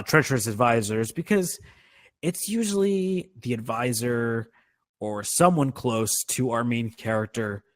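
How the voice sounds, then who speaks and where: A man co-hosting a podcast in casual movie chat, loose and profane. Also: mid-range voice. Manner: loose, profane, laughs easily. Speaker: podcast co-host.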